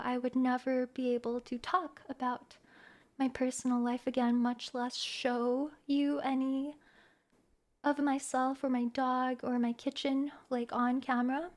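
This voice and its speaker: A woman streamer speaking softly and reflectively to her viewers, hesitating and restarting as she goes. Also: high voice. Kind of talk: personal talk to viewers.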